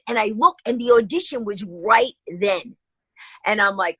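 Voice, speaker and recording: A woman's voice: mid-range voice, slightly rough, no echo, rough recording. A woman comedian, a guest on an interview show, telling stories and acting out everyone's quotes as she goes. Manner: acts out everyone's quotes, quick and lively. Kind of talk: animated storytelling in a radio interview.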